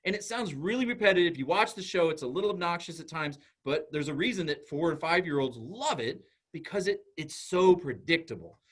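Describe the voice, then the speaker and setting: A man speaking to parents in a relaxed, chatty way, his voice sitting a little high and swinging widely in pitch. He keeps slipping into quick acted exchanges to make his points. The tone is that of a school psychologist explaining things plainly. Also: breathy edge. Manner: animated, conversational, acts out little dialogues. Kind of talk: informal talk to parents.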